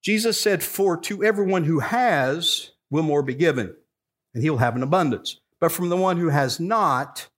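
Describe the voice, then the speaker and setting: Male preacher, 60s, slightly high voice, storytelling sermon, acts out dialogue, emphatic peaks. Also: animated, normal speed. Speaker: pastor.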